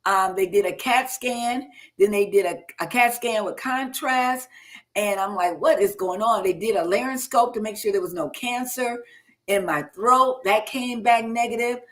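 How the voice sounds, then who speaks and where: A middle-aged woman hosting a live health talk show, telling a personal health story with lively, animated delivery and acting out the doctors' words and her own shocked replies. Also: on the high side, unhurried. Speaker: host.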